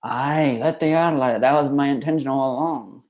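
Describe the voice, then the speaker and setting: A man's voice: medium pitch, moderate pace, darkish tone, close to an everyday voice. A man improvising a folksy, forgetful film director with a put-on Scottish accent and a rambling manner. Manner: rambling, fond of calling people laddie. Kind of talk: improv comedy.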